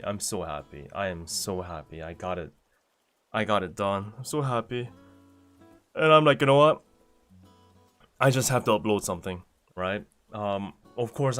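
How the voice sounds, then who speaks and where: A man's voice: fairly low pitch, a bit bright. A man streaming casually, reading viewer messages aloud and answering them one by one in a chatty way. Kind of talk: casual livestream chat.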